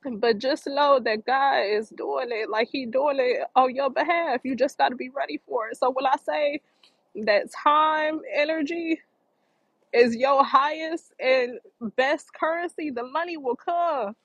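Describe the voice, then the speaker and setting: A woman with a fairly high voice gives an earnest spiritual pep talk outdoors near the water. She repeats her key phrases for emphasis, and her voice comes across dry and close. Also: a little slow, no echo, poor audio. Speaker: motivational vlogger.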